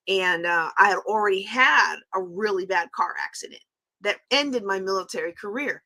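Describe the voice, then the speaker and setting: A woman's voice: medium pitch, normal speed, sharp tone. A middle-aged woman, hosting a livestream and candidly telling a personal story with open emotion. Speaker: host. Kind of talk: casual livestream talk.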